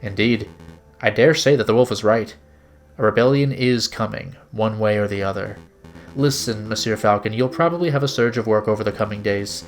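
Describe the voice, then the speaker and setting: A man's voice: lowish voice, moderate pace, soft background music, lightly acted. A man putting on a suave fox detective, Vulpes. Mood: smooth. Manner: suave, courtly. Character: sly male fox private investigator, smooth and theatrical.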